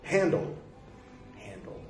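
Speaking at a slow pace over faint music, a man reads on his podcast and riffs on the text in a rambling, facetious way full of asides. The recording has a roomy echo and some faint background noise.

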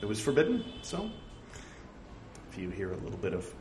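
A man's voice: lowish voice, wildly swooping pitch, a little fast. A man reciting scripture aloud, reading out the punctuation and breaking off for joking, apologetic asides. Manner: reads punctuation aloud, wry self-mocking asides. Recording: echoey room with faint ambient noise.

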